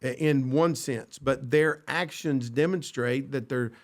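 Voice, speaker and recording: A man co-hosts a church podcast in a casual faith discussion, talking earnestly about friendship, quoting scripture and often restarting his sentences. His voice is mid-range and a little slow.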